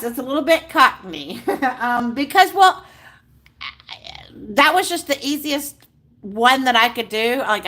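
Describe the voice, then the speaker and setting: A woman's voice: on the high side, a bit bright. Bubbly woman hosting a livestream. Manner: bubbly, gushing, greets viewers by name. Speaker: livestream host. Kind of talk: casual live chat with viewers.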